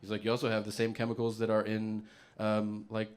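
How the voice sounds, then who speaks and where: A male comedian telling a story in an animated way, acting out the other people's lines in quoted voices. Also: on the low side, brisk.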